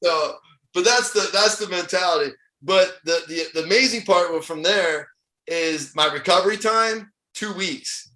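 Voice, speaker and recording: A middle-aged man from Ohio, a motivational speaker guesting on a podcast, telling stories in an animated, casual way with frequent chuckles. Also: sits high, measured pace. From Ohio, USA. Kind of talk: casual storytelling interview. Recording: echoey room.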